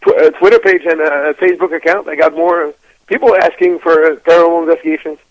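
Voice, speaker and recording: A man's voice: a little high, fairly even intonation, fast talker, no room sound, highs cut off. A man joining a casual radio chat as a guest, rambling and chuckling between thoughts.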